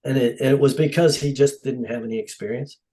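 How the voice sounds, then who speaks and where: A man's voice: mid-range voice, brisk, poor audio. A middle-aged man, a stunt coordinator, telling stories in a casual podcast interview and acting out the dialogue with animation. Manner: animated, acts out quoted dialogue. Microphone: podcast microphone.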